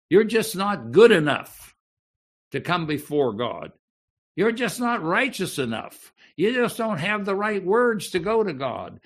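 A man delivers a sermon at an unhurried, measured pace. His voice sits a little higher than most men's. He explains each point carefully and keeps checking that his listeners are following. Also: gravelly. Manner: slow, deliberate teaching with frequent "okay?" check-ins. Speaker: pastor.

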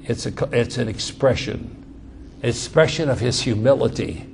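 Man preaching, conversational and restarting words, gravelly voice, faint noise behind. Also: medium pitch, lively intonation, moderate pace, darkish tone. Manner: conversational, repeats words while explaining. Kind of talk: verse-by-verse sermon.

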